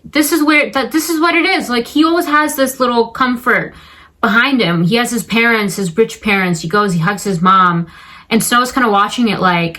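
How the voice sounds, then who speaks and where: A woman's voice: medium pitch, normal speed, bright, forceful tone, low-quality recording. A young woman talking casually about a film, chatty and full of fillers, now and then acting out the characters' lines. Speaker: film commentator. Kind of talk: casual film review vlog.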